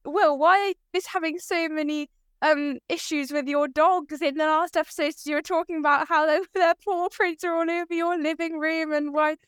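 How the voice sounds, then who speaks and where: A woman's voice: high-pitched, steady tone, normal speed, no room sound, studio quality. A young woman co-hosting a casual podcast, teasing her co-host with brief remarks.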